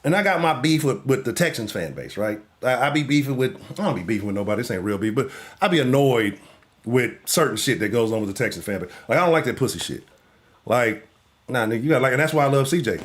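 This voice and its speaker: A man hosting a live sports talk show, ranting in a profane, animated way and swinging between loud outbursts and low mutters. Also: quick pace. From Houston.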